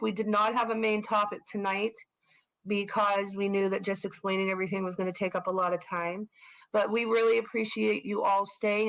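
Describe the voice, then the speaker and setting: A woman co-hosting a live stream, telling frank, animated personal stories and swearing for emphasis. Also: mid-range voice, creaky, poor audio. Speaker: co-host of a live stream channel. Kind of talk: casual storytelling on a live stream.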